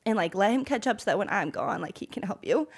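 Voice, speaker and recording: A woman's voice: medium pitch, animated, fast, creaky, slightly rough. A young woman chats on a podcast she co-hosts, sincere and heartfelt. Her voice sits in a plain middle range. She talks openly and a little emotionally. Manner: warm, heartfelt, gets emotional about her mom. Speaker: podcast co-host. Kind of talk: casual podcast chat.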